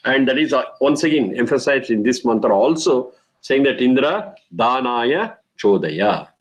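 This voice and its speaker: A man's voice: medium pitch, normal speed, poor audio. A middle-aged man, teaching a lecture on Vedic mantras, explaining patiently and repeating key phrases.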